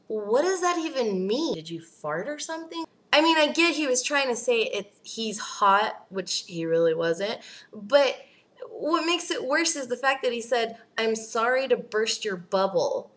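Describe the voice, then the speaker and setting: A young woman ranting in a casual vlog, animated and exasperated, swearing freely. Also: fairly high pitch, normal speed. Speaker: vlogger.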